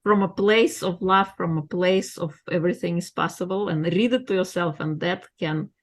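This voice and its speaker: A woman's voice: fairly low pitch, moderate pace. A woman hosting a podcast, encouraging her guest in casual talk with slightly uneven phrasing. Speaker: podcast host.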